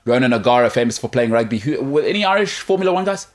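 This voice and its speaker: A sports talk show host joking around in a put-on Irish accent, rambling and playful. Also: male voice, mid-range voice, expressive, quick pace. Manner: rambling, playful, self-interrupting. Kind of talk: casual sports banter.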